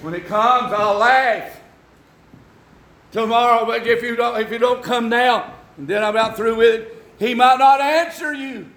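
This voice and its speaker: An older man with a Southern accent preaching a sermon, shouting his exhortations and slipping into folksy asides. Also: very high-pitched, fairly even intonation, a little slow. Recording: echoey room with faint noise.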